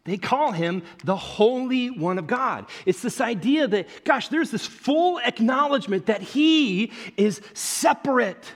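A man's voice: very high voice, unhurried, hardly any pauses. A man preaching a casual, conversational sermon, addressing listeners as "guys". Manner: animated, conversational preaching with asides. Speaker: pastor.

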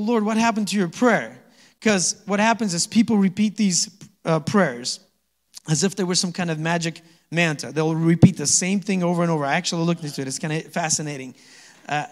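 A man preaching a sermon as pastor, conversational and quick to chuckle, often asking the congregation to answer back. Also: high-pitched, big-room sound. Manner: conversational, asks the congregation to respond; chuckles often between points. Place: church sanctuary.

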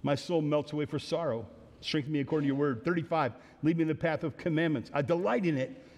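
A slightly high-voiced man preaches an earnest sermon, repeating himself and circling back to restart his sentences. His voice trails off into the long reverb of a large hall. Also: fast. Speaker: pastor. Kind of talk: sermon teaching through a psalm.

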